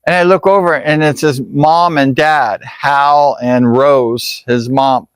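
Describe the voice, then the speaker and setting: A man's voice: medium pitch, steady tone, slow, clear, resonant tone, no room sound. A man vlogger telling a personal story in a casual, rambling way, full of fillers. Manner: rambling, full of "like" and "you know".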